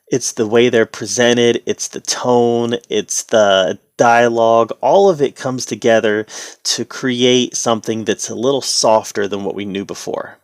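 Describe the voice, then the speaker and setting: A man giving a casual spoken review, relaxed and conversational, with the odd sarcastic aside. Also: medium pitch, no echo.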